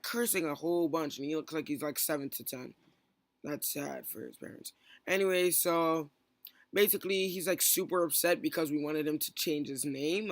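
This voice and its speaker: A young man tells a rambling story in a casual vlog, restarting sentences and snapping into quoted lines. His voice is bright and sits a little high, recorded close and dry with no room sound. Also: dry recording. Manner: rambling, restarts often, quotes others in quick bursts. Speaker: stream moderator.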